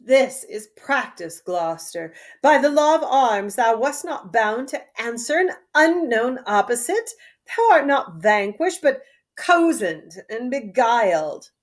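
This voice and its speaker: A woman reading the part of a haughty, ruthless queen, scornful and imperious in a slow verse reading. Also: on the high side, big pitch swings.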